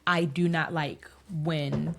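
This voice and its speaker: A woman in her thirties, a podcast guest telling family stories in a casual, animated way and laughing often. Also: low-pitched, takes it slowly, gravelly. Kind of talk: casual interview chat.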